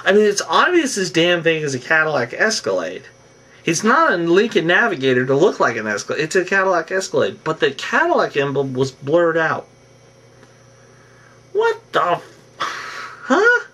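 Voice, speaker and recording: Man, casual reality show recap, rambling, animated, mic set back a bit. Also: fairly high pitch, recorded from a distance. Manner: rambling, animated, acts out cast members' lines.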